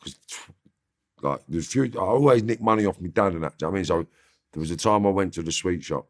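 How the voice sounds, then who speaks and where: A man with a very deep voice, telling blunt, slangy stories about his past as an interview guest. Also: lively intonation, fast talker. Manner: blunt, swears freely, slangy. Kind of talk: casual storytelling.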